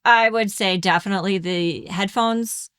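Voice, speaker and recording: A woman co-hosting a podcast about home daycare, chatting in an animated way and sometimes mimicking kids' voices. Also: medium pitch, normal speed, clear, resonant tone, no echo, studio quality. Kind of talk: casual chat.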